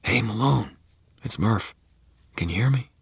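A tough female police officer speaks barely above a whisper, her hushed words steel-hard and a little raspy, as a man puts her on while reading a story aloud. The recording is close and dry. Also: a bass voice, expressive, measured pace, no room sound, pitched above the performer's own voice, exaggerated voice. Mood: gentle. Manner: hushed and quiet.

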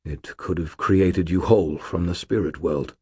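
Man doing a fading old ghost soldier, weak, courteous, archaic phrasing, deep husky voice, dry recording. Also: unhurried, darkish tone, no room sound, heavily acted. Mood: weak, gentle. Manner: archaic, formal, courteous speech. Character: weak, dying old male ghost warrior, gentle.

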